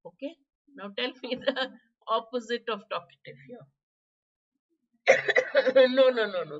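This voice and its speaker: Woman, Indian English accent, hoarse exam-prep teacher; bright, high voice, muffled stream audio. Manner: chatty, quizzing students by name, coughing. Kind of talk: live online vocabulary class.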